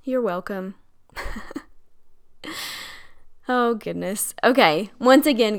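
Woman podcaster giving pep-talk advice, smooth clear voice, chatty and encouraging. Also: on the high side, a little slow, pauses often, fairly bright tone, faint music behind. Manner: encouraging, chatty, laughs between points. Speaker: podcast host and coach. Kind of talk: casual solo podcast advice.

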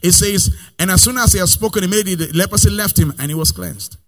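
A man preaching in a rising, sing-song cadence. His voice sits fairly high for a man. He surges loud, then drops to soft, drawn-out phrases, and calls out for the next Bible verse between readings. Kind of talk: sermon.

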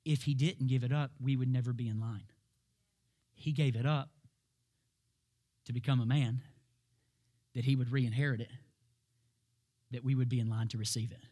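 A man preaching a sermon, emphatic and full of rhetorical questions, laughing at times and building up to shouted peaks. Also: medium pitch, steady tone, moderate pace, pauses often.

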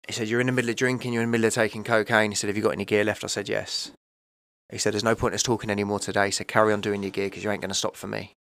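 A man's voice: lowish voice, little pitch movement, rapid-fire, a bit bright. A man, telling his own story in a candid, emotional, rambling way, often asking "right?" and "you know". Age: 30s. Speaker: podcast guest.

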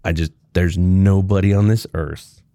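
A man's voice: deep voice, steady tone, unhurried, mellow, no echo, studio quality. A man talking in casual chat, rambling with lots of fillers. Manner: rambling, filler-heavy talk.

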